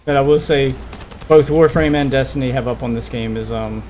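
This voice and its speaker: A man streaming a video game who talks casually and gives opinionated critiques, broken up by excited outbursts. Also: mid-range voice, a little fast, slight background noise. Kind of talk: casual gameplay chat.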